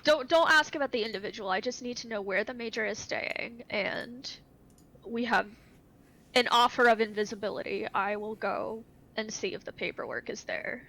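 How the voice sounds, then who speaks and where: A woman's voice: a little high, normal speed, a bit bright, rough recording. A woman playing a tabletop game, speaking in character earnestly and searching for words. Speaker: player. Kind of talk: tabletop role-play.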